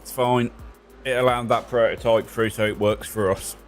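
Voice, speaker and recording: A young man spotting for a sim racer, calling traffic briskly between jokes. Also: mid-range voice, steady tone, faint music behind. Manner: brisk, jokey, calls traffic in short bursts. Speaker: race spotter. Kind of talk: live radio spotting during a sim race.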